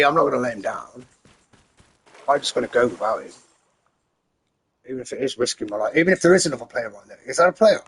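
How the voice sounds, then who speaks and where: An English man with a medium-pitched, slightly breathy voice rambles chattily as he plays a game, talking to himself and to his in-game horse. He's a gamer and channel host offering casual gameplay commentary.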